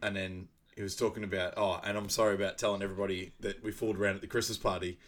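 A young man with a fairly low voice chats through a film recap for a podcast. He laughs often and bursts into loud quoted lines. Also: little pitch movement, racing. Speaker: podcast co-host. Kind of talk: casual movie recap chat.

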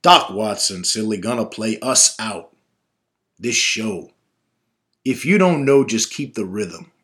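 A man voicing his father, a boisterous, gruff middle-aged dad who talks loud and excited. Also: lowish voice, takes it slowly. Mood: rowdy.

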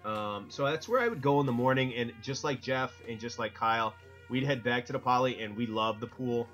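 A man's voice: mid-range voice, brisk, fairly bright tone, soft background music, rough recording. A middle-aged man from Connecticut, co-hosting a casual podcast roundtable, rambling and joking and cutting himself off mid-sentence. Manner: rambling, jokey, self-interrupting. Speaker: podcast co-host.

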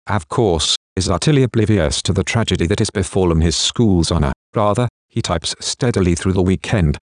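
A man narrating a novel in a steady, measured way, with a very deep, low voice. The sound is close and completely dry, with no room echo. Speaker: audiobook narrator. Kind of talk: scripted narration.

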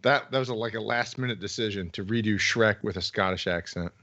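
A man's voice: on the low side, fairly quick, pushed and bright. A sarcastic man co-hosting a casual movie podcast, swearing freely as he picks films apart. His voice comes through a slightly dull, lo-fi mic. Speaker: podcast co-host.

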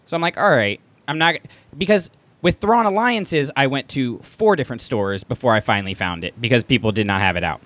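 Animated, playful male podcast co-host. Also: medium pitch, brisk, no echo. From Texas, USA. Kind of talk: casual chat.

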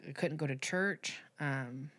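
A woman in her thirties appears as a podcast guest, candidly telling a personal story with halting restarts and fillers. Her voice sits low and sounds a bit bright.

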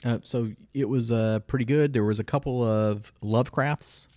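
A man's voice: mid-range voice, normal speed, dark tone, no echo. A man co-hosting a podcast, casually reviewing shows in a laid-back way and giving dry verdicts. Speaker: podcast co-host.

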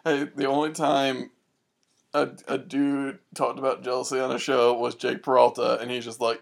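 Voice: medium pitch, flat delivery, normal speed, gravelly. A podcast co-host adding dry, jokey asides in a casual TV recap chat.

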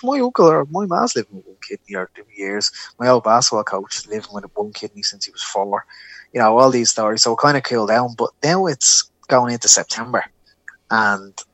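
A man's voice: lowish voice, no room sound. An Irish man, a young adult co-hosting a podcast, telling a long anecdote in casual chat and acting out the voices of the people in it. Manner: animated, acts out voices in his anecdotes. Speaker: podcast co-host.

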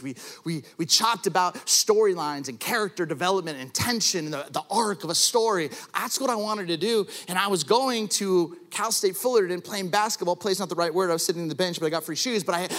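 A high, bright male voice preaching a sermon. He is an animated storyteller who jokes at his own expense and swells to shouting when driving a point home. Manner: self-deprecating humor. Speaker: pastor.

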